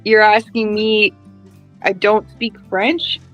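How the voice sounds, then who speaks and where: A woman's voice: mid-range voice, flat delivery, takes it slowly, fairly bright tone, muffled recording, soft background music. A chatty woman in casual conversation on a podcast who laughs easily and tells anecdotes. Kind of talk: casual chat.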